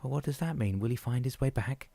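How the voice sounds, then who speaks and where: A man's voice: mid-range voice, quick pace, vocal fry, warm tone, no room sound, studio quality, voice pushed up. A man doing a frantic, pleading wife. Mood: desperate. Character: panicked adult woman searching for her husband.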